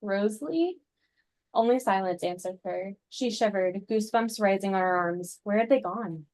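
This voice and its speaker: A woman reading aloud her own suspense story at a writing workshop, in a steady, even storytelling voice. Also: medium pitch, moderate pace.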